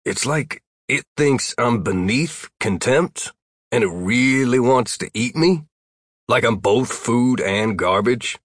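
A man's voice: mid-range voice, animated, slow, a bit bright, breathy edge, no room sound, studio quality, heavily acted. A man voicing a weary, put-upon adult male wizard who grumbles in a sardonic way. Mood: musing.

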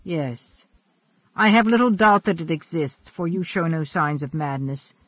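A man voicing a shrewd, guarded older cardinal who speaks in a quiet, probing and formal way. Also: a little high, animated, moderate pace, no room sound. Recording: dry, dull lo-fi.

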